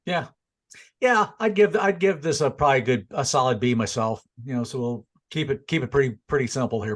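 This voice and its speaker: A man with a mid-range, ordinary voice hosts a casual review chat. He rambles in a laid-back way, often restarting his sentences as he wraps up the show. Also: medium pitch. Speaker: show host.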